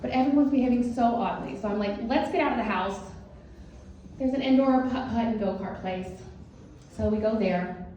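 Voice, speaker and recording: A woman telling a funny first-person story to a live audience, animated and self-mocking in a casual way. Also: fairly high pitch, moderate pace. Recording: echoey hall, distant dull mic, faint hiss.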